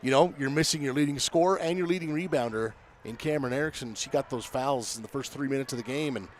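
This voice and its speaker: A man doing color commentary for basketball, relaxed and conversational as he breaks down play like a coach. His voice is mid-pitched, with faint noise behind it. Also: fast. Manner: conversational, coaching-minded, talks to his partner. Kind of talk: relaxed game analysis.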